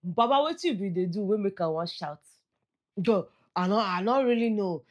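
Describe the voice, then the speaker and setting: A woman's voice: medium pitch, animated, moderate pace. A woman with a Nigerian accent giving casual gossip commentary on a reality show, chatty and slipping into Pidgin asides. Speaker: entertainment vlogger.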